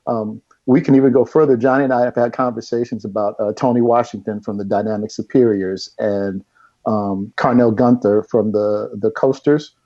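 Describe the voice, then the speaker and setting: A middle-aged man telling a story as a guest, animated and laughing as he goes. His voice is mellow and dark. The audio is dull and lo-fi. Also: on the low side, moderate pace. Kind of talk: storytelling in casual chat.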